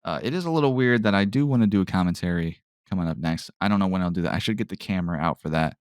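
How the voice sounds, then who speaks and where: A man's voice: deep voice, racing, clean tone, dry recording, studio quality. A man hosting a solo podcast in a casual, rambling way, often trailing off with "I don't know" and asking himself questions, with sarcastic asides. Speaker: podcast host.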